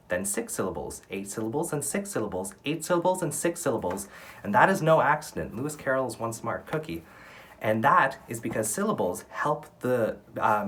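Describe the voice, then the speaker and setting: A man's voice: mid-range voice, fairly bright tone, husky. Young guy teaching kids poetry online, super bouncy up-and-down voice, cheerful. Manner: upbeat and encouraging, counts syllables out slowly. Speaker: drama teacher. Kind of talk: online lesson for young students.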